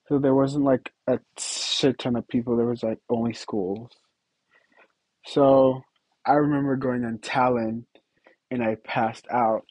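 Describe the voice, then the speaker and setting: A man's voice: medium pitch, darkish tone, dry recording, rough recording. A young man hosting a podcast, chatting casually and giggling through rambling stories with lots of fillers. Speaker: podcast host. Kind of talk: casual solo podcast chat.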